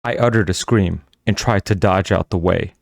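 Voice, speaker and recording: A man narrating an audiobook in a steady, measured storytelling manner. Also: deep voice, creaky, no echo, studio quality.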